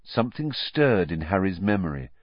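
A man narrating a story audiobook with expressive, varied reading. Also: low voice, normal speed, breathy edge, dry recording. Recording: dry, slightly dull lo-fi audio.

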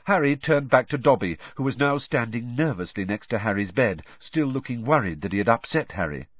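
A man narrating a storybook with expressive storytelling. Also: mid-range voice, a little fast, no room sound. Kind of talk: audiobook reading with character voices. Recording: dull dry lo-fi.

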